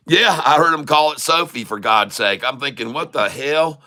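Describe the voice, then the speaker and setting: Folksy Southern country man, bright tone. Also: medium pitch, animated, unhurried. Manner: folksy, chuckling, teasing. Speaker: stock trading streamer. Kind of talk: joking livestream commentary.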